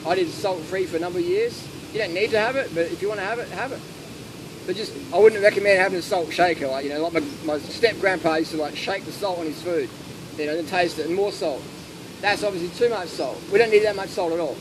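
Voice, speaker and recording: A man giving blunt, animated answers and stories to an audience in a casual Q&A at an outdoor gathering. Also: high voice. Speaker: speaker answering audience questions. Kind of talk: casual Q&A talk with anecdotes. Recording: noisy outdoor ambience with traffic.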